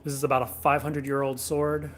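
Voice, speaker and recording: A man's voice: mid-range voice, fast talker. A man hosting a sword shop livestream in a back room, chatting casually and answering viewer questions. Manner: relaxed, rambling, answers chat questions.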